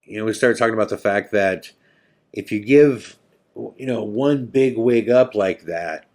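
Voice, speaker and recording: A man hosting a podcast, telling a story in a casual, halting way, full of fillers and repeated words. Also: fairly low pitch, a little mellow. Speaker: podcast host.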